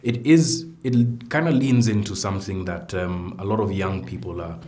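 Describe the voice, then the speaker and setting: A man's voice: low voice, moderate pace, darkish tone. A Kenyan man in his thirties hosting an interview, thoughtful and playful, slipping in Swahili phrases. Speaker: interviewer host. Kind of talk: conversational interview.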